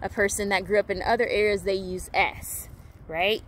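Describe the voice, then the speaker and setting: A woman giving a casual spiritual talk, rambling with many fillers and restarts, playful and animated. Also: medium pitch, normal speed, slight background noise. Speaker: spiritual teacher.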